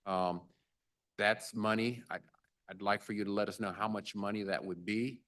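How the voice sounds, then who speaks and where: Mayor type, very low voice, halting delivery, chairs a city meeting with playful banter. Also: male voice, steady tone, a bit bright. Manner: halting, jokey auctioneer banter. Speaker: mayor presiding over a budget meeting. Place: government meeting chamber.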